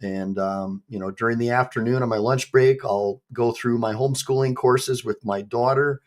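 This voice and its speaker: A man's voice: mid-range voice, steady tone, moderate pace. Man hosting a law reaction video. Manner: conversational, with frequent ums and you-knows. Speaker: attorney, channel host.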